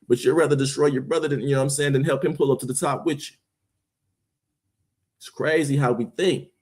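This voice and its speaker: A man's voice: medium pitch, steady tone, fairly quick, a little mellow, breathy edge. A man hosting his own stream, giving an impassioned, preachy monologue full of slang and rhetorical questions. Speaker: streamer, host.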